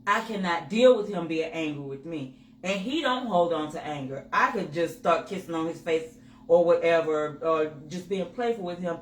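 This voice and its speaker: A woman co-hosting a candid couple's chat with her husband, telling personal stories with lively acted-out inner dialogue. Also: fairly low pitch, normal speed. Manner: animated storytelling, acts out her own inner voice. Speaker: co-host. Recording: roomy with faint noise.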